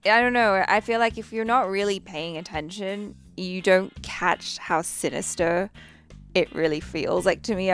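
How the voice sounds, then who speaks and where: Gravelly-voiced woman musing thoughtfully. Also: mid-range voice. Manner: thoughtful, reflective, acts out characters' lines. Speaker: reaction show co-host. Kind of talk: casual chat.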